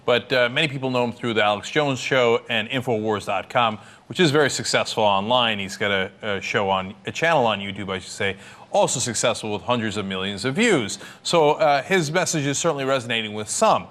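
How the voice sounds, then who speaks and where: A man's voice: mid-range voice, brisk, a bit bright. A man hosting a talk show, interviewing a guest with skeptical, probing questions.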